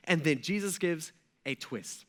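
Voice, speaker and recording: A man's voice: a little high, animated, measured pace. A male pastor preaching a conversational sermon, retelling a story in casual, slangy words and speaking directly to his congregation.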